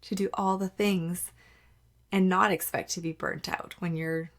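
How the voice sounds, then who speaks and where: Candid woman with a gravelly low voice. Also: fairly even intonation, a little slow. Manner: candid, conversational, many "like" fillers, acts out her own past remarks. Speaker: podcast host. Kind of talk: casual solo podcast monologue.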